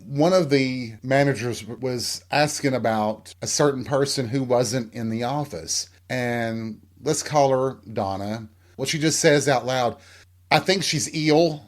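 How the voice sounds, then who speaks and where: A man from Tennessee talks on his own in a loose, candid monologue, with a voice at an ordinary middle pitch. He is frank and pokes fun at himself as he rambles from one story to the next. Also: a little slow, few pauses. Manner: frank and self-deprecating, rambling. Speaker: podcast host.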